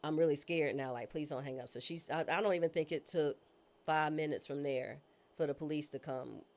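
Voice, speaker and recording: A woman guest recounts a personal story with a low, grounded voice that stays in the lower register. She talks in a casual, informal way. She slips into other people's voices when quoting them as she tells the story. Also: normal speed. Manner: lively storyteller who acts out quoted voices. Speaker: guest, former judge and trial attorney.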